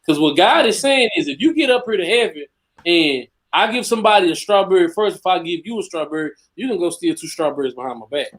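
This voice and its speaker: Male podcast co-host, higher pitch, argumentative, joking, insistent. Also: lively intonation, fast talker, a bit bright. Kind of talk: casual debate chat.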